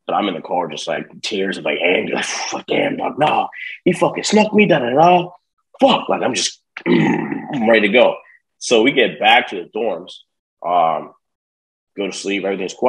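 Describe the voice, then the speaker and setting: A man's voice: deep voice, rough recording. A young man casually telling a long personal story, swearing often and acting out the people in it. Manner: profane, streetwise, animated retelling. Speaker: podcast guest.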